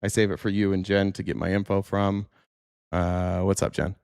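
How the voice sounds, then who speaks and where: A man's voice: sits low, little pitch movement, normal speed, vocal fry, a little mellow, clean tone, no echo, clean studio sound. A man hosting a political livestream, ranting heatedly with profanity and restarts while reacting to clips and chat. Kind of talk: casual livestream commentary.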